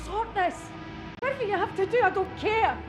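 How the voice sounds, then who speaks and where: An actress playing a sharp, scolding wife in a video game. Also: female voice, extremely high pitch, fairly quick, over music. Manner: biting, scolding.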